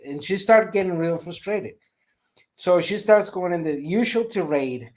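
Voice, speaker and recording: A talk show panel guest tells a story in an animated way. The speaker acts out each line of dialogue while recounting it. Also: mid-range voice, moderate pace.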